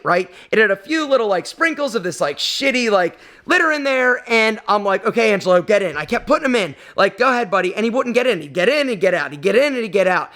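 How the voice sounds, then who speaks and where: Emotional high-voiced man vlogging. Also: fairly bright tone. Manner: emotional, rambling, many fillers. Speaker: vlog host. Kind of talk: casual personal storytelling.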